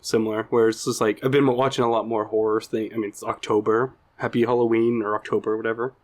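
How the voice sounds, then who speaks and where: A man co-hosting a podcast, telling a rambling anecdote in casual chat, with lots of fillers and quick laughs. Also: lowish voice, flat delivery. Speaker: podcast co-host.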